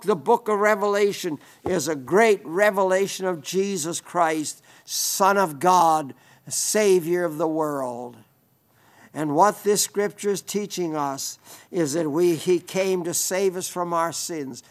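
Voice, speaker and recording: A man preaching a sermon, reading scripture with emphasis and leading a quiet prayer. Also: high voice, takes it slowly.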